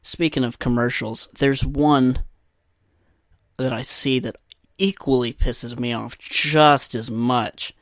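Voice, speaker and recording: Steady in tone and slow in pace, a young man at medium pitch hosts a podcast from an echo-free studio. His solo bit is an exasperated comedic rant loaded with swearing and mocking voices.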